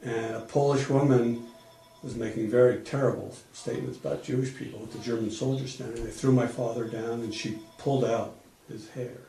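A man's voice: mid-range voice, fairly even intonation, a little fast, gravelly, warm tone, far from the mic, slight background noise. A middle-aged man giving an oral history interview, retelling events plainly and explaining things as he goes, often restarting his sentences. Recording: echoey room.

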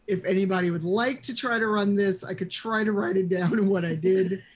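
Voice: medium pitch, fairly even intonation, brisk. A game master casually narrating a tabletop game scene and chatting lightly with players.

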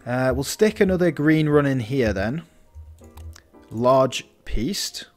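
A man's voice: medium pitch, expressive, moderate pace, a little mellow, faint music behind. A man talking through a building game in casual let's-play commentary, thinking aloud and restarting his sentences. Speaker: gaming channel host.

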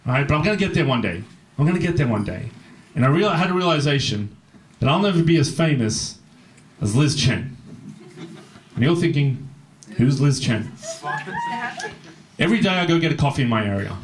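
A man's voice: medium pitch, expressive, fairly quick, long pauses. A man doing a rambling, self-deprecating stand-up set full of swearing, acting out other people's voices. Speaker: stand-up comedian. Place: comedy club stage.

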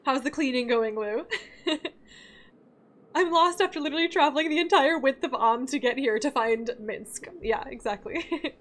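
Bubbly young streamer girl chatting w her chat, high voice, giggly. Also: normal speed, fairly bright tone. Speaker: game streamer. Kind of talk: casual livestream chat.

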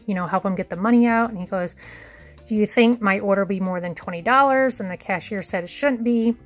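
A woman from Indiana, chatting casually to viewers as a vlogger and telling a story in a folksy way. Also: mid-range voice. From Indiana, USA. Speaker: shopping haul vlogger. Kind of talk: casual vlog chat and story time.

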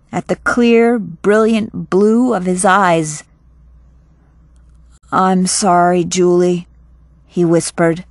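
A woman reading a first-person novel aloud calmly and deliberately for listening practice. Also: medium pitch, dry recording. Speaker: audiobook reader.

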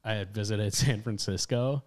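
A man's voice: on the low side, moderate pace, darkish tone, a little hiss or hum. Easygoing man joking on a podcast. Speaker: podcast host. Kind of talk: casual chat.

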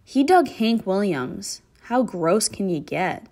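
A woman, a middle school English teacher, reading a novel aloud to her class with expressive storybook delivery. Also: medium pitch, slow.

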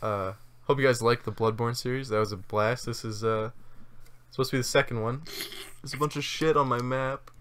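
A man's voice: medium pitch, steady tone, a little fast, fairly bright tone, clear, resonant tone. A young man hosting a casual let's-play, laid-back and joking, laughing often and swearing casually. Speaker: host.

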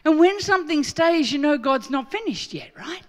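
A middle-aged Australian woman preaches as a guest, speaking at a normal speed in a high-pitched voice with lively intonation. She narrates a story and acts out the lines she quotes herself saying.

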